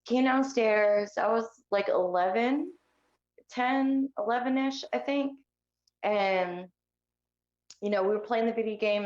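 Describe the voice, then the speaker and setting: A woman speaking candidly and with heat as she recounts her own life story in a podcast interview, her speech full of fillers. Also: mid-range voice. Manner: candid and heated, with many fillers. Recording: echoey, dull lo-fi remote call audio.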